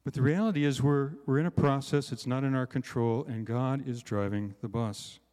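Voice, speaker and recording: A conference speaker gives a sermon in a casual, joking, self-deprecating style, tossing in frequent "right?" asides to listeners. His mid-range, darkish voice holds a steady tone at a moderate pace, with long reverb from a large hall.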